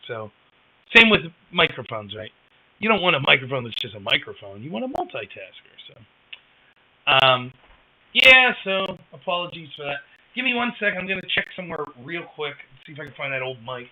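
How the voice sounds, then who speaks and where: A man's voice: fairly high pitch, sing-song, brisk. A man hosting a casual live stream, rambling wryly and reacting to chat on a wireless headset. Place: home, rural area. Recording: dull lo-fi headset mic.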